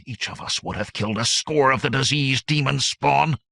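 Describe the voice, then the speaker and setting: A man's voice: mid-range voice, normal speed, gravelly, bright, forceful tone, no echo, pitched above the performer's own voice. A man voicing a furious, proud hill tribesman who howls and spits insults. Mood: scornful. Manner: howling, spitting insults.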